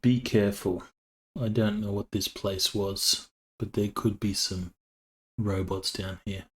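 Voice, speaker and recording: A man playing a tabletop game, speaking calmly and explaining things. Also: fairly low pitch, measured pace, a little hiss or hum. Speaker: player. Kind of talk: casual tabletop play.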